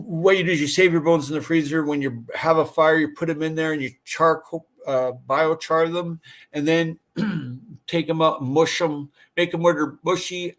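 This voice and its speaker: A man hosting a casual livestream, chatting with viewers in a rambling, friendly way with many fillers and restarts. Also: fairly high pitch. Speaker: livestream host. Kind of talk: casual livestream chat reading viewer comments.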